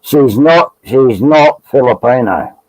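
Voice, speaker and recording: An Australian man joins a live stream as a guest, rambling through casual banter, cracking jokes and laughing often. His voice is medium-pitched, slow and slightly mellow, captured in a dry, poor-quality recording.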